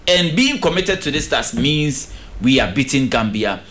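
Upbeat Ghanaian radio sports presenter. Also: male voice, medium pitch, lively intonation, a little slow, fairly bright tone. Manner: upbeat, playful salesman patter with repetition. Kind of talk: radio sports update with live ad read.

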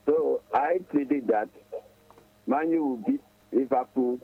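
A man's voice: medium pitch, unhurried, breathy edge. A man with a Nigerian accent calling a radio show, polite and addressing the host as sir. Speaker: caller. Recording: tinny phone line.

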